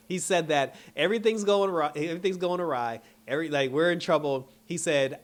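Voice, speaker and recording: A man's voice: high-pitched, lively intonation, a little fast, a bit bright. A man casually recapping a TV episode, telling it like a story and acting out the characters' lines with bursts of laughter. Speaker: show reviewer.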